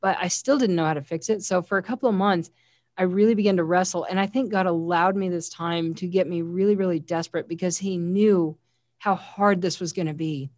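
An earnest woman shares a personal faith testimony in an interview, her voice set a little low. She tells her story in a heartfelt way and works scripture into it. The sound is dry and close. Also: steady tone, fairly quick, darkish tone, dry recording. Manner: quotes scripture often. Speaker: guest sharing a personal testimony.

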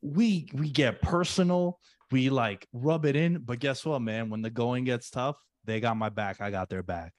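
A man's voice: mid-range voice, normal speed, no echo. A man co-hosting a casual rewatch podcast, earnest and chummy, talking about friendship. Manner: earnest and chummy, says "dude" and "man" a lot. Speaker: podcast co-host.

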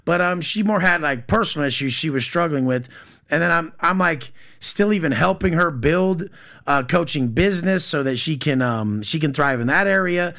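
A man in his thirties delivers a blunt, profane rant as a podcast guest. His voice sits high for a man, with a bright, forceful edge. He drives his points confrontationally. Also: creaky.

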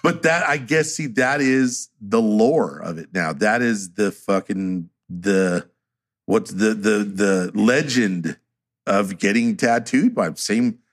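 A man with a fairly low pitch and slow pace tells stories in a casual podcast chat. He swears freely and animatedly acts out what people said.

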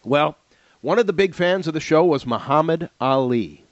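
A podcast co-host, a man with a slightly high voice, chats casually about old TV shows at a normal pace, telling animated stories, laughing often and repeating words. The recording is dry and lo-fi.

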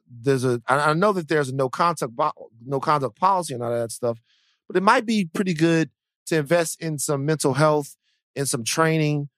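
A man co-hosting a podcast in casual chat, animated and blunt, swearing freely, with frequent restarts and stammers. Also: on the high side, no echo, clean studio sound. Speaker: podcast co-host.

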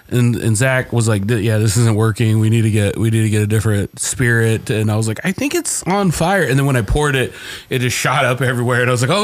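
A man hosting a podcast, explaining the dishes he cooked in an easygoing, rambling way. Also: mid-range voice. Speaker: podcast host and cook. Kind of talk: relaxed podcast chat.

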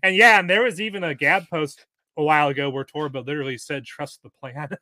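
Man, podcast guest, lecturing, bright voice, dry recording. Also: on the high side, expressive, fast, no echo. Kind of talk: casual interview chat.

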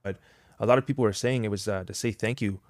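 Measured, low-voiced male guest. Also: fairly even intonation, darkish tone, no room sound, studio quality. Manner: measured, explanatory, frequent "right?" tags. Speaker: podcast guest. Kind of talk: podcast discussion.

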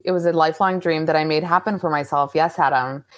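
A woman's voice: low-pitched, fast. A woman guest on a podcast, ranting emphatically and swearing in casual chat. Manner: animated, profane, emphatic ranting.

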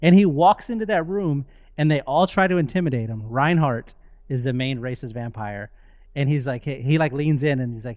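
Podcast dude, mid pitch, dry close mic, gets all worked up telling stories. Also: male voice, normal speed, no room sound. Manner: excitable storyteller, swears freely. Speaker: podcast co-host. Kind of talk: casual chat.

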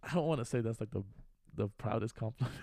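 In a casual podcast chat, a twenty-something co-host spins a long story in a relaxed manner, leaning heavily on slang and filler words. His voice is medium-pitched and warm, and he talks fairly quickly.

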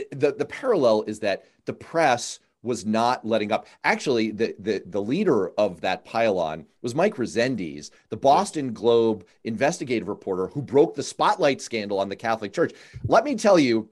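A male podcast host tells stories with emphasis, and his pitch swings widely up and down. His delivery is lively and conversational. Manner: animated storyteller, emphatic.

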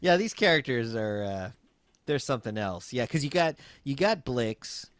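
A man chatting about a film in a loose, joking manner, often sighing or trailing off mid-thought. His voice swings widely up and down in pitch, and it is recorded dry, with no room sound. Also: big pitch swings, normal speed, no echo. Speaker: podcast co-host. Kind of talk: casual movie recap chat.

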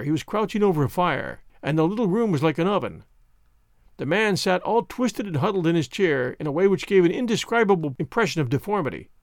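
A man narrating a classic detective story for an audiobook in a measured storytelling way, on a close mic. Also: fairly high pitch, dry recording.

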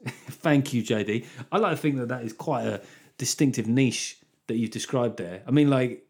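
A man's voice: medium pitch, moderate pace, vocal fry, darkish tone. A man hosting his own podcast as a comedian, talking in a rambling, sweary, self-deprecating way. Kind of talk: solo podcast monologue.

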